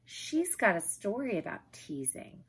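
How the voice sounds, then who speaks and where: A woman hosting preschool circle time, talking to children in a lively sing-song way. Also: mid-range voice, unhurried, breathy edge. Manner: lively, sing-song talk to little kids. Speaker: preschool teacher, circle host.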